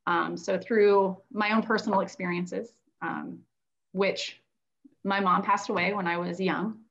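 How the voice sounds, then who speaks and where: A woman's voice: medium pitch, fairly even intonation, a little slow, gravelly, a bit bright, lo-fi sound. A woman author and teacher from Florida, telling her story animatedly in a livestreamed conversation, acting out quotes with many fillers. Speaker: children's book author and classroom teacher. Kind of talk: livestreamed book launch conversation.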